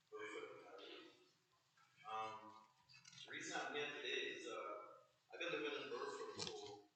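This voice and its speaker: A man's voice: mid-range voice, noisy background. Nervous man with an accent, far off. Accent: non-native English accent. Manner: nervous, halting, with restarts. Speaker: resident speaking as a delegation. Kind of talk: public address at a council meeting. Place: council chamber. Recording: roomy, distant council chamber sound.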